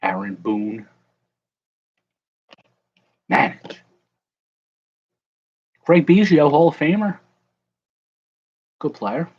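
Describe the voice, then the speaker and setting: A man's voice: fairly high pitch, sing-song, very slow, long pauses, breathy edge, dull audio. A young man casually chatting with viewers on a livestream while he opens card packs, joking and calling out people in the chat by name. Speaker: card breaker livestream host.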